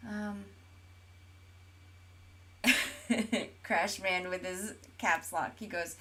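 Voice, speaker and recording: Extremely slow with a steady, sharp tone in the mid range, the woman from Oklahoma co-hosts her casual gaming podcast during a stream. Viewer comments get read aloud, and fillers crop up constantly.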